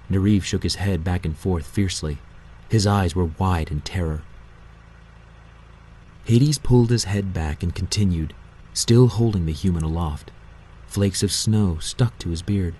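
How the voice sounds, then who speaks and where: A man narrating a novel in a measured, steady audiobook reading. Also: sits low, breathy edge, low-quality recording.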